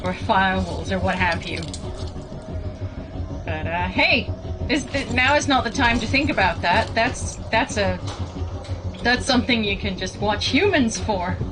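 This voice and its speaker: A woman's voice: mid-range voice, animated, a little slow, pauses often, low-quality recording. A British woman streaming a video game, chatting with her viewers in a rambling, giggly way and laughing often. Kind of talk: casual gameplay commentary chatting with viewers. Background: game music.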